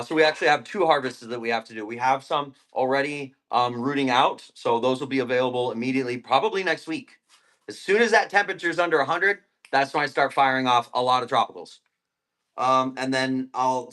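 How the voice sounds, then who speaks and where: A man's voice: mid-range voice, a bit bright. Male stream host, easygoing, rambling plant chat, talks with food in his mouth. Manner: rambling, laid-back, eating while talking. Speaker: live-stream plant seller. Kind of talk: casual live-stream chat.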